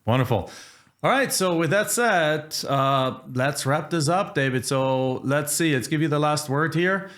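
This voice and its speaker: A man's voice: a little high, lively intonation, a little slow, a bit bright. Casting: man as podcast host, casual storytelling, loose and full of restarts. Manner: storytelling with restarts, acts out phone calls. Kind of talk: casual interview chat.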